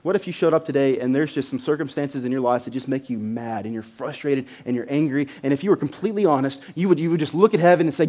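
A man preaching a sermon to a congregation, conversational, with loud emphatic bursts and frequent repeated words. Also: medium pitch, fast talker, hardly any pauses. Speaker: pastor.

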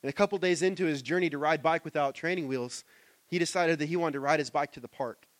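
High-voiced pastor preaching in a dry room. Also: male voice, fast talker, no room sound. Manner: conversational preaching, swings from soft asides to loud emphatic stretches. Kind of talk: sermon. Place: church.

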